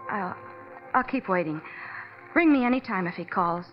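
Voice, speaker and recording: A woman's voice: mid-range voice, animated, moderate pace, faint music behind, lightly acted. An actress playing a devoted young wife waiting by the phone for her husband, in 1950s radio drama acting. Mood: anxious. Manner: anxious, pleading then tender. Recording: dull old radio broadcast.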